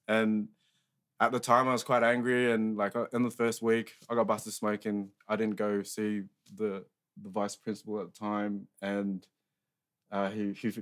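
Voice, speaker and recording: Low-voiced Australian man, rambling and profane. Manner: rambling, profane, heavy use of filler words. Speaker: guest sharing life story. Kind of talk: casual chat.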